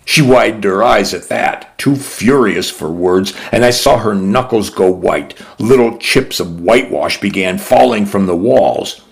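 A man's voice: on the low side, lively intonation, unhurried, vocal fry, hardly any pauses. A man narrating a novel in the first person with a dry, wry storytelling manner. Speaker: audiobook narrator.

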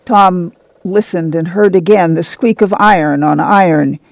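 A man reading a novel aloud in even, descriptive narration. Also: sits high, unhurried, vocal fry, dry recording, poor audio. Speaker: audiobook reader.

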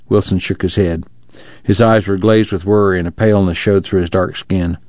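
Male audiobook narrator, calm and steady, deep, slightly dull audio. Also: moderate pace, no room sound. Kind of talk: scripted narration.

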